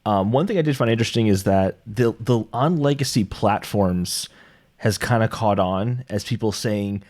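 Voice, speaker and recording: A man with a fairly low voice weighs in on a gaming podcast, thinking aloud in a measured way with small hesitations. His delivery stays steady and conversational. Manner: thoughtful, measured, hedging with ums. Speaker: podcast co-host. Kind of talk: casual gaming podcast chat.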